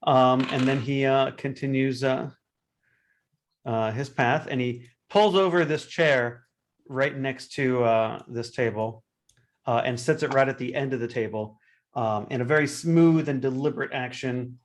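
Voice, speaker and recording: A man's voice: medium pitch, a little slow. A man playing a tabletop game, describing his character's actions with many fillers. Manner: hesitant, full of fillers. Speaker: player.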